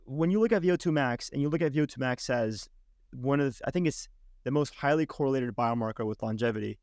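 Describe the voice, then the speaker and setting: Male podcast host, mid-pitched, halting, lots of fillers, dry close sound. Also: darkish tone, no room sound. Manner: hesitant, with many restarts and fillers. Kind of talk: conversational interview.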